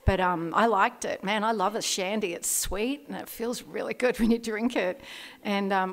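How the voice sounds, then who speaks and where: A woman tells her recovery story at a meeting, frank and quick to laugh, filling her talk with "you know" and "um." Her voice sits at an ordinary middle pitch. The room around her is very echoey. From Australia. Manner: candid, laughs often, many fillers. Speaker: AA meeting speaker. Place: meeting hall. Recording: very echoey hall.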